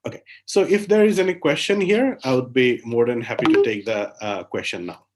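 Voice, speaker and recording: A man with an Indian English accent lectures at a mid pitch, walking his listeners through each step. He pauses on "uh" and keeps asking "right?" to check they follow. It sounds like an online talk picked up by a computer mic. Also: slight background noise. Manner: explanatory, with frequent "right?" checks and "uh" fillers. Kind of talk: academic lecture.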